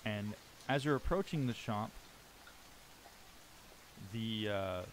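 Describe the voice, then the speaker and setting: A man's voice: fairly low pitch, takes it slowly, a little hiss or hum. Man narrating a tabletop game. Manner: descriptive, with frequent ums. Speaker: game master.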